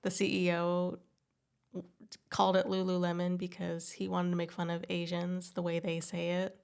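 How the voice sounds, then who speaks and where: A woman in her thirties co-hosting a podcast, telling rambling stories with quick asides. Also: on the low side, completely flat delivery, creaky, darkish tone, clear, resonant tone. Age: 30s. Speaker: podcast co-host. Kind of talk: casual chat.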